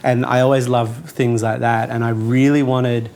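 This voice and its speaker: A man's voice: medium pitch, level tone, normal speed, creaky, darkish tone. An Australian comedian explaining his ideas in casual chat, earnest and thoughtful.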